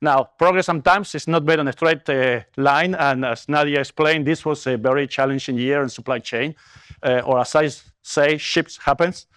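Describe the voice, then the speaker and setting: A man's voice: fairly high pitch, fairly even intonation, moderate pace, a bit bright, clear, resonant tone, no room sound, clean studio sound. A man with a Latin American accent presenting at a business conference, earnest and upbeat, with fillers and self-corrections. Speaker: company executive presenter.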